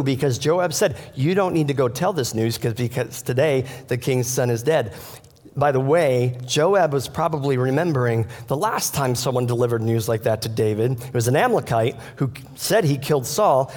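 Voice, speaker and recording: A man's voice: medium pitch, lively intonation, normal speed, darkish tone, big-room sound. A man preaching a sermon as pastor, earnestly retelling a scripture story and turning to the congregation directly. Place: church sanctuary.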